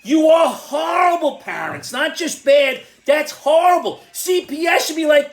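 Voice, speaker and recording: An older speaker with an Irish accent giving an angry, exasperated opinion monologue, sometimes breaking into shouts. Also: high voice, sing-song, unhurried, few pauses. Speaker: commentator.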